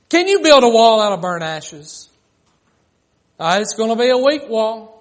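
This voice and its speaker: A man's voice: high-pitched, animated, normal speed. A man preaching a sermon, acting out the mocking voices of critics.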